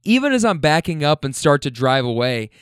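A man's voice: a little high, sing-song, a little fast, clean tone, no room sound, studio quality. A man casually telling a story, chatty and laid-back, with profanity and self-deprecating asides. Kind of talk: casual spoken anecdote.

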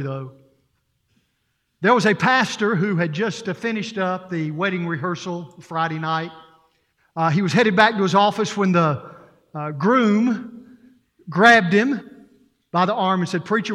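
Male pastor, sermon, high voice, earnest, long church reverb. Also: fairly bright tone. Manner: earnest, storytelling, repetitive emphasis. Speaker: interim pastor. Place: church sanctuary.

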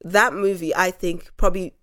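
A woman's voice: lowish voice, steady tone, normal speed, pushed and bright. A woman with a British accent in casual group debate, talking over others emphatically. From Nigeria.

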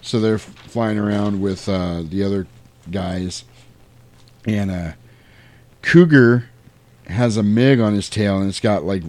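A man's voice: on the low side, slow, pauses often, darkish tone. A man chatting casually on a podcast, rambling through a film plot with playful quoted voices and the odd swear word. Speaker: podcast co-host recapping a film. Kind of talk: casual chat.

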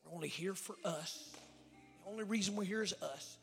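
Gravelly, bright-voiced evangelist man preaching. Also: high-pitched, normal speed, in a large hall, soft background music. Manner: dramatic storytelling, swinging from loud outbursts to hushed whispers; folksy, acts out dialogue. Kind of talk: sermon. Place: church sanctuary.

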